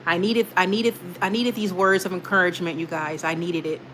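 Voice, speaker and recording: On her laid-back stream, a young woman talks straight to her viewers, reads their comments, and rambles with many fillers. Her voice sits on the low side, fairly even in intonation and a bit bright, and she talks fairly quickly over a little hiss or hum.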